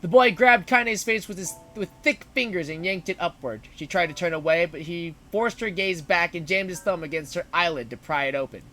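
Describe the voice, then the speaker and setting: High, bright-voiced male storyteller. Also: fairly quick, few pauses, soft background music. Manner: narrates, breaks in with joking asides. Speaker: streamer. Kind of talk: dramatic read-aloud of a story on stream.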